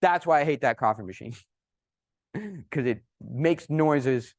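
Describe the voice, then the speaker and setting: A man speaking at a conference, telling a story with lively emphasis and a fairly high-pitched voice. The recording is dry and close, with little room sound. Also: slow pace, no room sound. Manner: animated, emphatic anecdote-telling. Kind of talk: presentation with storytelling.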